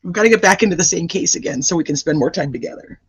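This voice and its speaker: A man hosting a true-crime livestream and chatting casually with viewers as he greets them by name. His voice is roughened by a cold. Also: fairly high pitch, racing, no room sound. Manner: chatty and animated, rattling off greetings. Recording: dry, slightly dull lo-fi sound.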